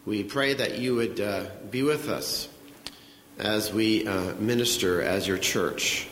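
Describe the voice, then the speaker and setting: A man leading a slow, earnest prayer during a church service. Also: on the low side, fairly bright tone, a little hiss or hum. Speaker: pastor. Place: church sanctuary. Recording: echoey hall with faint ambience.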